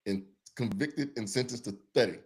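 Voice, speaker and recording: A man co-hosting a casual podcast, talking in a relaxed way with repeated, drawn-out phrasing. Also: mid-range voice. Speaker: podcast co-host. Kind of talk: casual chat.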